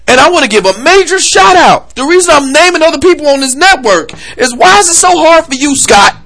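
Animated man ranting about sports, bright voice. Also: extremely high pitch, brisk, few pauses. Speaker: podcast host. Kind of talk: comedic sports rant.

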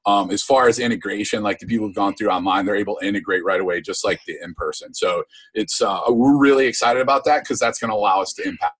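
A man's voice: fairly low pitch, fast, a bit bright, husky. A man guest on a podcast, talking casually and rambling with many fillers about his coaching course. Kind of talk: casual interview chat.

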